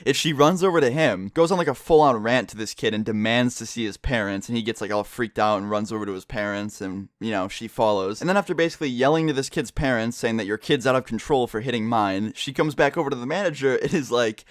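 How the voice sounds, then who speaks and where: A man's voice: mid-range voice, quick pace, few pauses, no echo, clean studio sound. A young man telling a long story in a casual vlog, swearing a lot and filling his sentences with "like.". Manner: casual, heavy swearing, many "like" fillers. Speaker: vlogger.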